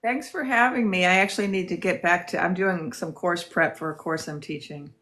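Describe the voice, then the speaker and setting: A woman's voice: fairly low pitch, brisk, fairly bright tone. A woman who is a guest on a livestream, talking briefly and casually in a friendly way.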